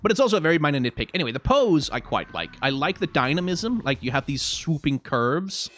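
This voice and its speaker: A man's voice: on the high side, big pitch swings, fairly quick, a bit bright. Rambling man reviewing game art. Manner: rambling, many fillers and restarts; frank, self-deprecating, mild swearing. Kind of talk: casual live-stream commentary.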